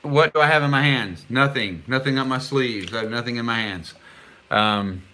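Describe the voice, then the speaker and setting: Bright-voiced middle-aged man chatting on a live stream. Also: medium pitch. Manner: chatty, reads viewer comments aloud; sounds out foreign words haltingly. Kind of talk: casual live-stream chat.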